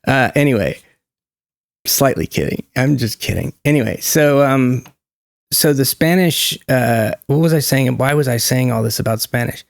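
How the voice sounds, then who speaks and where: A man with a gravelly edge talks in a casual, unscripted monologue, wandering off track, joking and catching himself mid-sentence. His voice sits at an ordinary middle pitch. The sound is dry and close, with no room echo. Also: expressive, moderate pace. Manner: rambling, self-interrupting, joking asides. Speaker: channel host.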